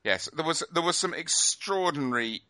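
A man's voice: on the high side, lively intonation, normal speed, bright, forceful tone, slight background noise. A man hosting a casual podcast, wry and joking, rambling with fillers. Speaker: podcast host.

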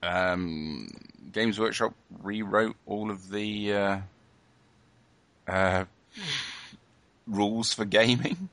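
A man's voice: on the low side, very slow, pauses often, a bit bright. A man hosting a casual podcast, wry and joking, rambling with fillers. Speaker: podcast host.

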